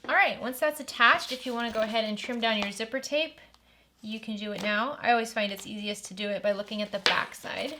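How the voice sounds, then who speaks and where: A woman's voice: on the high side, fairly quick, bright, forceful tone, a little hiss or hum. A woman hosting a step-by-step sewing tutorial, upbeat and chatty as she walks through each stage and enthuses over the bag.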